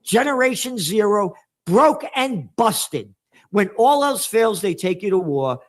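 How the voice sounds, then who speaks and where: New york guy ranting sarcastic in an interview, kinda high voice for a man, throws out questions he answers himself. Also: very animated, a little slow. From the Bronx, New York. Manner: heated, sarcastic, rhetorical questions. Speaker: trend forecaster guest.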